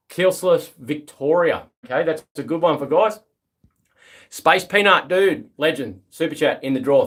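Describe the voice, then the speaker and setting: A man with an Australian accent chatting casually on a live stream. His voice is relaxed and friendly, with plenty of fillers, and he greets viewers one after another. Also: medium pitch. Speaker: livestream host.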